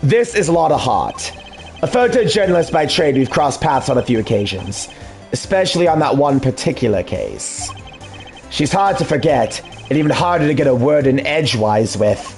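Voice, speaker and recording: A man voicing a composed, formal male prosecutor with a dry, measured delivery, in a fan dub of a video game. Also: medium pitch, sing-song, darkish tone, faint music behind, pitched below the performer's own voice.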